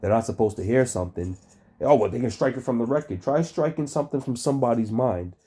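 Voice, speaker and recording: A man's voice: mid-range voice, quick pace, dark tone, husky. A man giving casual reaction commentary over a debate video, swearing a lot and mocking the speakers in disbelief. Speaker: stream reactor.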